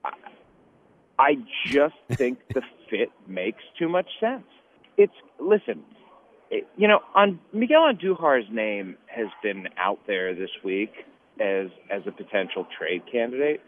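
A man calling in as a guest to a sports radio show, halting and repeating phrases before he makes his point. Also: mid-range voice, lively intonation. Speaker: guest baseball insider. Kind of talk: sports radio phone interview. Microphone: phone. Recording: tinny phone line with faint hiss.

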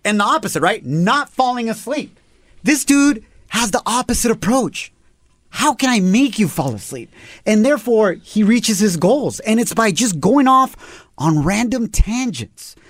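An upbeat male morning radio host, his voice a touch high as he tells a story to his co-hosts. He chats casually and breaks into laughs, recorded dry and close on a studio mic. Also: sing-song, unhurried, a bit bright, no room sound. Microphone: studio broadcast mic.

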